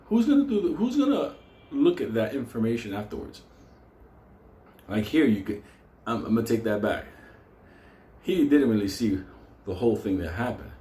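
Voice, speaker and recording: A man's voice: mid-range voice, mellow. A man hosting a stock market show, delivering a profane, fired-up unscripted rant and breaking into laughter. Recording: roomy echo with faint noise.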